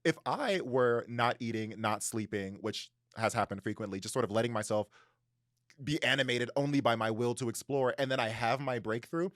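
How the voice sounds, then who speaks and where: A man co-hosting a casual book podcast, a sociologist who talks in a jokey, animated way full of fillers and acted quotes. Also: medium pitch, normal speed, dry recording, clean studio sound. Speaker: podcast co-host.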